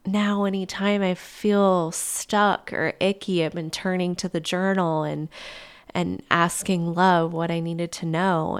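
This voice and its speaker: A woman talks alone on her podcast in an open, heartfelt and conversational way, and lets a casual swear word slip now and then. Her voice is a touch low and notably smooth and clear. She takes her time, moving at a slow, unhurried pace. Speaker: podcast host. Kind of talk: personal podcast monologue.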